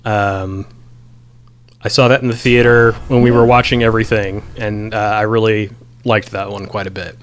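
Reading lines from his notes and rambling with frequent ums, a man chats casually about a movie on a podcast. His voice is lowish with little pitch movement, at a normal speed.

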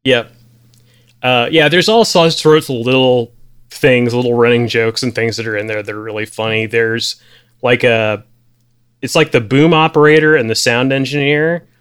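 Guy on a podcast rambling about a movie, smooth clear voice, lots of likes and ums. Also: mid-range voice, normal speed. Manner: relaxed, rambling, frequent fillers. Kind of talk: casual film discussion.

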